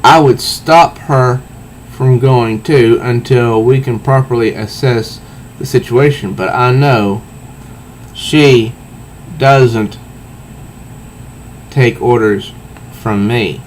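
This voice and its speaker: A man casually reviewing a comic book and reading its panels aloud, halting often and restarting his sentences. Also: medium pitch, a little hiss or hum. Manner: halting, with frequent restarts and fillers.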